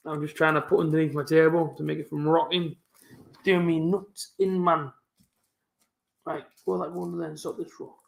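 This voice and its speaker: Young guy streaming footy chat, talks a mile a minute, mumbles, bit of a stutter, slightly high voice, echoey room. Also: flat delivery, vocal fry. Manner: fast-talking, mumbling, with a stutter. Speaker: football fan streamer hosting a live match watch-along. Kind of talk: casual live-stream chat.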